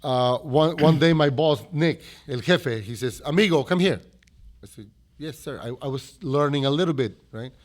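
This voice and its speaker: A man's voice: mid-range voice, normal speed, a little mellow. A man from Mexico with a Mexican accent, a restaurant owner telling a story as a guest in a podcast interview, acting out the dialogue as he goes.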